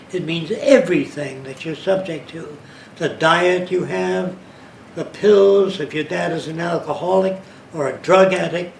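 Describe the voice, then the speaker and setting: A man's voice: on the high side, gravelly. A man giving an informal lecture, explaining and checking on his listeners as he goes. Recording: roomy sound from a distance, faint ambience.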